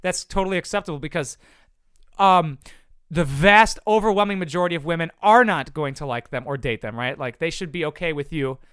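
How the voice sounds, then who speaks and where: A content creator answers viewer questions with casual advice, rambling, blunt, and profane. He talks briskly in a fairly high, fairly bright, clean voice, and the recording is dry.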